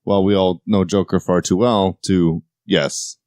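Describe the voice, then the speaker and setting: A man co-hosting a casual comic book podcast, talking in an excitable way and swearing when worked up. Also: low voice, measured pace, hardly any pauses, no room sound, clean studio sound. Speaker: podcast co-host.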